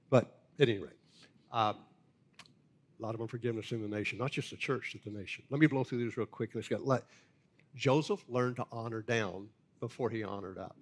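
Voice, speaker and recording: An older man, a pastor telling folksy stories in a lively, animated way. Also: mid-range voice, fairly quick. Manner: animated, folksy storyteller with big laughs. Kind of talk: storytelling sermon talk.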